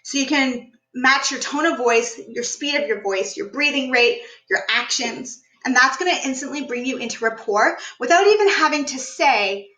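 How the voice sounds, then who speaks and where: A woman business coach teaching a live online workshop, upbeat and energetic, standing as she talks. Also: high-pitched, moderate pace, hardly any pauses, echoey room, rough recording. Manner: energetic, upbeat, demonstrates voices while teaching. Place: room, standing.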